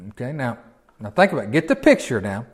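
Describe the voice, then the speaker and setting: A man's voice: mid-range voice, big pitch swings, fast talker. Folksy preacher man. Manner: folksy, conversational, many rhetorical questions. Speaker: pastor. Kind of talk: sermon Bible teaching.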